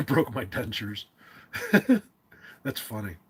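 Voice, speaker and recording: A man's voice: on the low side, very animated, takes it slowly, a bit bright, breathy edge. A man from New Jersey hosting a casual livestream, rambling along with lots of fillers and restarts. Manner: rambling, filler-heavy, self-interrupting. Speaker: livestream host.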